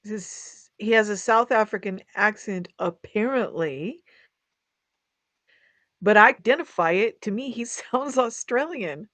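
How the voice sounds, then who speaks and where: A woman's voice: mid-range voice, lively intonation, a little slow, fairly bright tone, dry recording. A woman co-hosting a casual chat, talking freely and laughing often.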